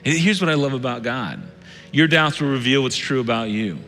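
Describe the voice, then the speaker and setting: A man preaching a sermon as lead pastor, earnest, swinging between loud urging and hushed tones. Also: mid-range voice, brisk. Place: church sanctuary. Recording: reverberant church hall with soft music.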